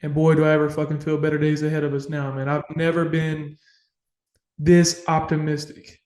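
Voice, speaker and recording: A man on a casual sports podcast, with a somewhat high voice, talks with raw passion and emotion and swears freely. He is recorded in a home room with a noticeable echo. He comes across fired up and heartfelt. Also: monotone, normal speed, a little mellow. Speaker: podcast co-host. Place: home room full of memorabilia.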